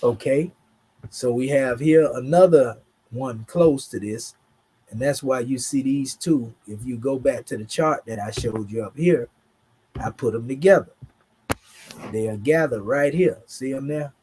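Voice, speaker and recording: A man's voice: mid-range voice, measured pace, dark tone, slight background noise. A man with a Southern US drawl giving a casual, emphatic online lesson, talking through charts in a slangy, conversational way. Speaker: teacher.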